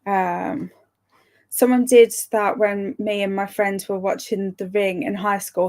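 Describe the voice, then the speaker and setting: A woman's voice: medium pitch, flat delivery, a little slow, darkish tone. A young woman hosting a live stream, chatting casually, laughing often and answering viewer comments. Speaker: livestream host.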